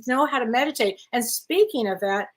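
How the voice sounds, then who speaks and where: A woman's voice: a little high, fairly quick. A woman co-hosting a spiritual talk show, chatting casually and gushing with enthusiasm. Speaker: co-host and spiritual medium. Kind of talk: casual chat.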